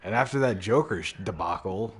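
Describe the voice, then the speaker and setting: A man co-hosting a podcast, chatting casually about wrestling with dry jokes and quick asides. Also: on the low side, slightly rough. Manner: dry, joking asides and mock-quoted lines. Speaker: podcast co-host.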